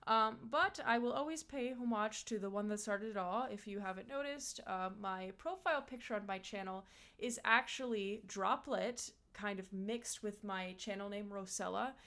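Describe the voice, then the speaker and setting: A woman's voice: medium pitch, moderate pace, a bit bright. Chatty woman voice actor. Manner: chatty and enthusiastic, many fillers. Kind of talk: casual talk about past roles.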